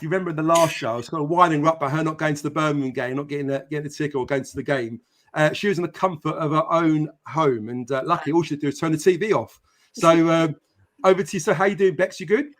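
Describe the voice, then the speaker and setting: A man's voice: a little high, fast, a bit bright. A man hosting a live football podcast stream, chatting casually with many fillers and greeting viewers by name. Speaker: podcast host.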